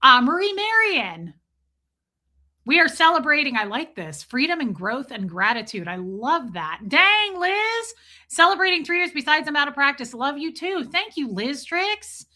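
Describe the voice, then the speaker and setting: A woman's voice: high-pitched, sing-song, normal speed, pushed and bright. A woman hosting a casual live stream, chatting loosely with viewers, greeting them by name and swearing freely.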